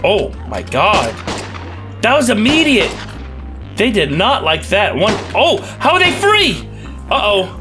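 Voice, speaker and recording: Excitable man rambling over gameplay. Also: sits high. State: has a cough. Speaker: let's play gamer. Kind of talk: casual gameplay commentary.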